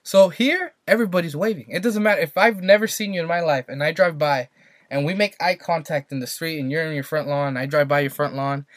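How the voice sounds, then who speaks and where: A man's voice: fairly high pitch, a little fast, a bit bright, no echo, clean studio sound. A young man from California, co-hosting a podcast and rambling through a story with lots of fillers and repeats. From Santa Maria, California. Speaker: podcast co-host. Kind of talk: casual chat.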